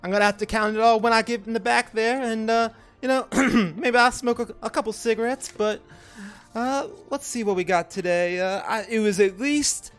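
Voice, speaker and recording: A man voicing a flamboyant male arena promoter with a high, drawling showman voice. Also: steady tone, normal speed, fairly bright tone, clear, resonant tone, faint music behind. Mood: boastful.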